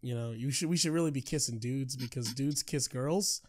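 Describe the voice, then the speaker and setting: A man's voice: mid-range voice, moderate pace. A young man hosting a casual podcast chat, joking around and laughing often. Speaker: podcast host.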